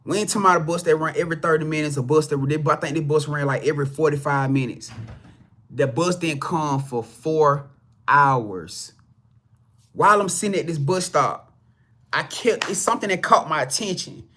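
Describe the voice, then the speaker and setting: A man's voice: a little high, fast talker, pushed and bright. Blunt, profane man preaching spirit talk. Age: adult parent. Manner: profane, blunt, preachy, addresses viewers as y'all. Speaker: spiritual reader. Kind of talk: casual spiritual talk to a live audience.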